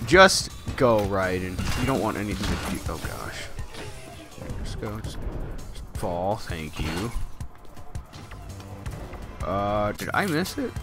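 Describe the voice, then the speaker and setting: Young male let's player, lively pitch swings, swears and yells at the game, loud game music under the voice. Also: slow, long pauses. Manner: excitable, swears, talks to the game. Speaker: gameplay commentator. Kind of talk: casual let's play commentary.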